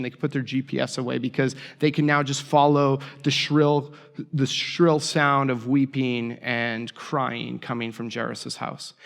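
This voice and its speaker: A man preaching a sermon as a pastor, telling a story with lively, acted-out voices for the people in it. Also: medium pitch, gravelly, in a large hall.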